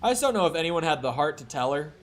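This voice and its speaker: A man's voice: a little high, big pitch swings, fast, a little hiss or hum. A man from the Upper Midwest streaming a video game, chatting casually and wandering off into stories. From Upper Midwest of the United States. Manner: rambling, storytelling asides. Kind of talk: casual chat while playing a video game. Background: faint game music.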